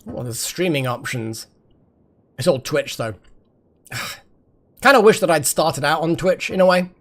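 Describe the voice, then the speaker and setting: A man's voice: on the high side, lively intonation, measured pace, a bit bright. A man chatting casually while streaming a game, rambling with asides and swearing. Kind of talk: casual live-stream chat while gaming.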